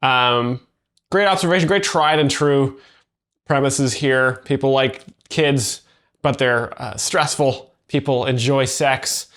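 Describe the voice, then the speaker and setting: A man hosting a show where he explains comedy, talking in a dry, halting way with many fillers. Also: mid-range voice, fairly bright tone. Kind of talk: deadpan commentary.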